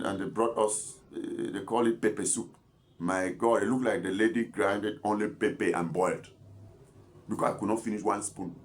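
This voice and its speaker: A man, a doctor giving informal health advice, chatty and scolding, rambling with repeated words and asides. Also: medium pitch. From Cameroon. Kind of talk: informal health talk to camera.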